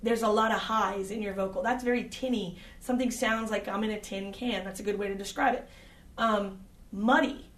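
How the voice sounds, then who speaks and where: A woman's voice: mid-range voice, fairly even intonation, moderate pace, echoey room, recorded from a distance. A woman who works as an audio engineer, giving direct, conversational advice to singers, with frequent fillers. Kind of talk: instructional talk.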